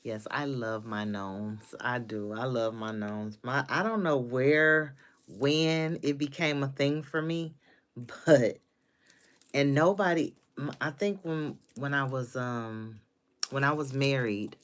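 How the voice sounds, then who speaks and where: A woman's voice: rumbling low, takes it slowly. A woman in her fifties chatting casually on a live stream from her home office, talking to viewers by name. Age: 50s. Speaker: livestream host.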